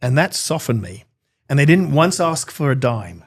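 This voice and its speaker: A man's voice: mid-range voice, normal speed, slightly rough. Earnest middle-aged man telling his story. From Britain. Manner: earnest, animated, acts out dialogue. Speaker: interview guest. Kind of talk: personal storytelling in an interview.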